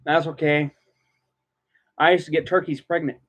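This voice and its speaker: A man's voice: little pitch movement, normal speed. A man chatting casually while reacting to something, breaking into frequent laughter. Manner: laughs often, giggly high laughter. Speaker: vlogger reacting. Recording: dull lo-fi sound.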